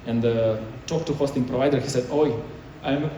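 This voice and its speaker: A man's voice: medium pitch, steady tone, brisk, dark tone, slight background noise. A man giving a conference talk in choppy, non-native English, with many restarts. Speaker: conference speaker. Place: conference hall. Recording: echoey hall, mic far off.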